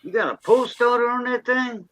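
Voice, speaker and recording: A man's voice: very high-pitched, normal speed, a crowd in the background. A man chatting casually on a live stream, easygoing and chiming in with short remarks. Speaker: guest with his own channel. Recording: dull lo-fi call with clicking noise.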